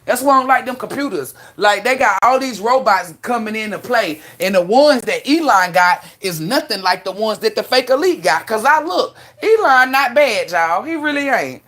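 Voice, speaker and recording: A woman hosting a livestream, rambling through stories in a loud, profane, animated way with many restarts. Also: on the high side, moderate pace, few pauses. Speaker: livestream host. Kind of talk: casual livestream storytelling.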